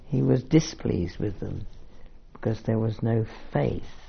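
A man's voice: lowish voice, measured pace, gravelly, slightly rough. A man giving a sermon-style bible teaching, reading verses aloud and commenting on them with fillers and asides. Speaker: preacher. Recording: muffled lo-fi recording.

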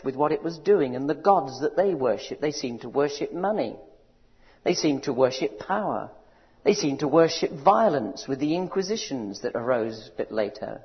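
A man preaching a sermon, building to loud rousing cries and asking his audience questions. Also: on the high side. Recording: dull recording in a large reverberant hall.

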